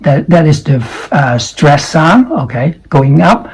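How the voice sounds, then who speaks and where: A man's voice: fairly high pitch, breathy edge, faint music behind, low-quality recording. A man teaching English pronunciation, drilling single words over and over and stopping to quiz the viewer. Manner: drills words slowly, repeats sounds, asks the viewer questions. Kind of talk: pronunciation lesson.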